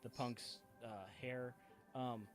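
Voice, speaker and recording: A man running a tabletop role-playing game as game master, talking in a halting way with many fillers and restarts. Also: mid-range voice, completely flat delivery, faint music behind.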